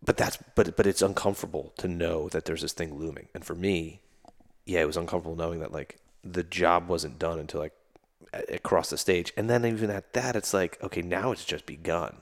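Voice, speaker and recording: A man with a very low, deep voice, speaking as a guest and army veteran. He tells stories in a loose, rambling way, with plenty of fillers and false starts. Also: steady tone, fairly quick. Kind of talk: casual conversational storytelling.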